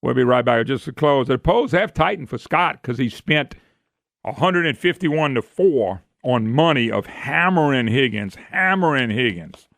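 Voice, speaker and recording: Male talk radio host, folksy and sarcastic, gravelly voice with lively swoops, dry studio mic. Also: medium pitch, moderate pace, no echo. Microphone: studio microphone.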